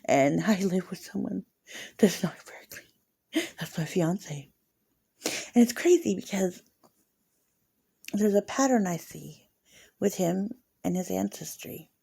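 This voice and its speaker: A woman's voice: lowish voice, slow, creaky, pauses often, mellow, husky. A woman in her forties rambling emotionally through a casual vlog monologue. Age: 40s.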